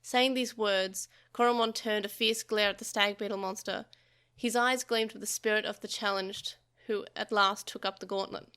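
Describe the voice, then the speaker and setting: A woman's voice: medium pitch, steady tone, normal speed, bright, forceful tone, smooth. A woman podcast host reading a translated novel aloud, expressively, with small slips.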